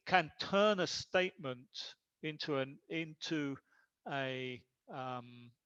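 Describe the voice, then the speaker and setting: A man teaching an online English class, explaining grammar slowly and switching between English and Spanish. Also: a little high, a bit bright. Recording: dull lo-fi sound.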